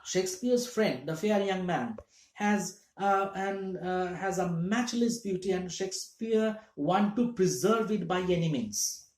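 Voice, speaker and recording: A man's voice: high voice, unhurried, darkish tone. A man teaching literature in a classroom-lecture style, explaining step by step and checking in with his listeners. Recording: echoey room.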